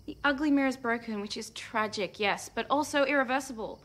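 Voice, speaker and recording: A woman's voice: a little high, a little fast, fairly bright tone. An actress playing a snobbish young female dance student with an Australian accent, sarcastic and dismissive. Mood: snide. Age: young adult.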